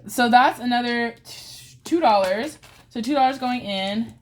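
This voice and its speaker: Unhurried and fairly high-pitched, a budgeting channel host casually walks viewers through dice-roll savings games in her vlog. She reacts to the rolls with playful groans and cheers.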